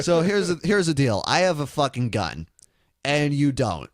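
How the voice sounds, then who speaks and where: A man's voice: medium pitch, big pitch swings, normal speed, dry recording, studio quality. A man co-hosting a call-in talk show, riffing crudely and slipping into mocking impressions. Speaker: radio show co-host. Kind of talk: irreverent comedic talk show banter.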